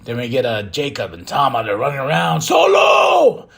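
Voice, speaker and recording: Excitable man with a lively voice. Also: mid-range voice, quick pace, vocal fry. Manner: excitable, acts out quotes in bursts. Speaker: podcast host. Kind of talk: casual wrestling recap.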